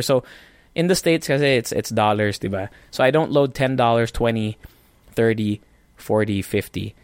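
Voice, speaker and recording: A man's voice: medium pitch, no echo. A man with a Filipino English accent hosting a casual solo podcast from his apartment, rambling and chatty with self-deprecating humor. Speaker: podcast host.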